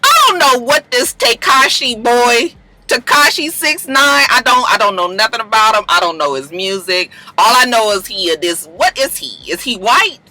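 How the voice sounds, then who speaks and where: A man's voice: extremely high pitch, big pitch swings, moderate pace, sharp tone, dry recording, low-quality recording. A man from Los Angeles, hosting a casual, profane gossip podcast, laughing often and acting out the people in his stories. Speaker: podcast host.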